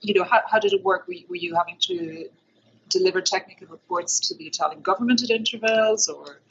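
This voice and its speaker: Husky woman interviewer, curious. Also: mid-range voice, fast talker, fairly bright tone, highs cut off. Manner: curious, building questions aloud as she goes. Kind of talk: conversational interview. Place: university lab.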